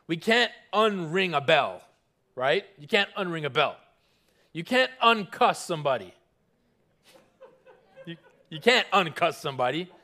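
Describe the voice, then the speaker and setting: Male pastor, high-pitched voice, earnest emphatic sermon delivery, slows for scripture, call-and-response. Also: bright, forceful tone. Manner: slows down on scripture, stressing single words.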